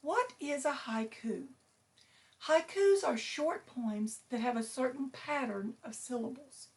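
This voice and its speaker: A woman teacher reading a picture book aloud to her students, slow and clear, stressing each syllable. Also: sits high.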